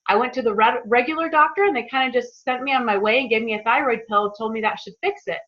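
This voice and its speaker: A woman's voice: on the high side, fast talker, highs cut off. A woman talking casually to a group on a call, chatty and earnest, openly emotional as she shares her story. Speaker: product presenter.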